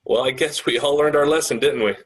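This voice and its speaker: A man's voice: fairly high pitch, fairly quick, natural voice. A man reading the part of a worried village leader who keeps asking earnest questions on a video call. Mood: questioning.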